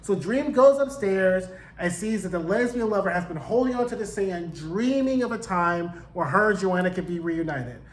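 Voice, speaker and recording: A man giving a casual, slangy recap and review of a TV show, animated and full of profanity. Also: sits high, normal speed, few pauses, echoey room, slight background noise.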